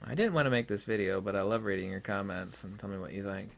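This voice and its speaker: A man's voice: fairly low pitch, fast talker, gravelly. Rambling man talking to his viewers. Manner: rambling and opinionated, with many fillers and asides. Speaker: channel host. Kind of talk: opinion vlog monologue.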